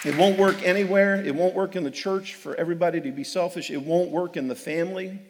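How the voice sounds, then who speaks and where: A man's voice: sits high, quick pace, long reverb tail, slight background noise. A man preaching a sermon as pastor, emphatic and humorous, often repeating words and calling for amens. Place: church sanctuary.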